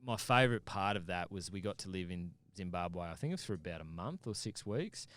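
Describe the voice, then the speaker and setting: A man tells a story in a casual, animated way, swearing freely as he goes. His voice sits low and comes across smooth and resonant. The recording is dry and close. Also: a little fast, no room sound. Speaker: podcast guest.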